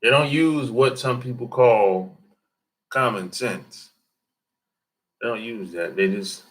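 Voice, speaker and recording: A man's voice: medium pitch, slow, long pauses, fairly bright tone. A man hosting a livestream, chatting casually and loosely, joking, answering viewers and mimicking how other people talk. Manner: loose, joking, talks back to chat, laughs often. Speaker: livestream host reading chat.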